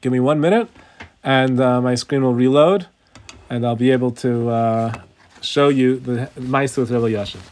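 A man teaching a Talmud class over a video call, explaining slowly, stressing key words and telling a story. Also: medium pitch, darkish tone.

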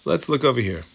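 With a medium-pitched, gravelly voice that has a breathy edge, this Talmud teacher reads Hebrew and Aramaic passages in a Torah class and explains them in English, repeating himself as he works through examples aloud.

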